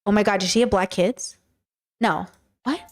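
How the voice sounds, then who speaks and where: A woman's voice: medium pitch, normal speed, faint music behind. A woman streamer reacting to videos in casual commentary, incredulous and thinking aloud as she rambles.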